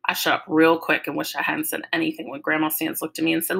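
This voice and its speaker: A woman reads a chapter of a novel aloud with lively, expressive storytelling. Her voice is bright and forward. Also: low voice, quick pace, creaky, husky, rough recording. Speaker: audiobook reader.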